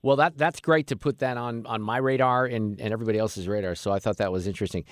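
Fast-talking male radio host. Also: fairly low pitch, steady tone, no echo, clean studio sound. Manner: quick, conversational. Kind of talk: casual interview.

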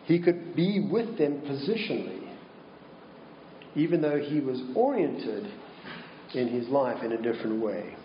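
A man preaching a sermon slowly and deliberately, posing rhetorical questions to his congregation. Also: mid-range voice, reverberant, dull audio, a little hiss or hum. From Minnesota.

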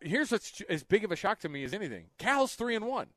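A man hosting sports talk radio in a jokey, excitable way, laughing often. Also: high-pitched, quick pace, no echo.

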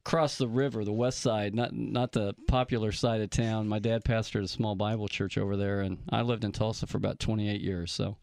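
A man's voice: fairly low pitch, fairly even intonation, brisk, creaky, hardly any pauses, darkish tone. An older man, a pastor hosting an interview, talking effusively with many restarts and fillers. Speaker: pastor and show host. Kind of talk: warm conversational interview.

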